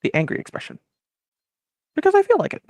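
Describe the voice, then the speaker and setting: Podcast host, casual comedic history retelling, gravelly voice, lively pitch. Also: no room sound. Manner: animated, laughing, fast asides.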